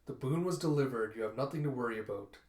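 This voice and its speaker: A man's voice: medium pitch, fast, darkish tone, lightly acted. A cold, curt daughter who reports in a businesslike way, put on by a man reading. Her voice is mid-range with a roomy echo behind it.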